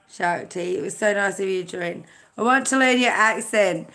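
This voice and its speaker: A woman from Australia chats on a live stream in a bright voice with a clear edge. She rambles easily, fills gaps with hesitations and greets her viewers one by one by name. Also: mid-range voice, moderate pace. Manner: chatty, greets viewers by name, many fillers. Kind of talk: casual live-stream chat.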